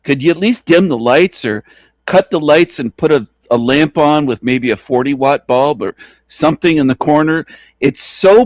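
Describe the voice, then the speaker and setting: A man's voice: fairly high pitch, no room sound. Incredulous, laughing male reviewer. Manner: crude, incredulous, keeps breaking into laughter. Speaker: video reviewer. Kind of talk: mocking reaction commentary.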